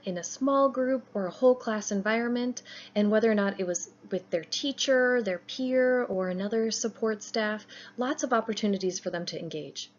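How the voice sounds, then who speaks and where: A young adult woman giving an educational presentation, explaining clearly in an upbeat way and stressing key words. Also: medium pitch, dull audio.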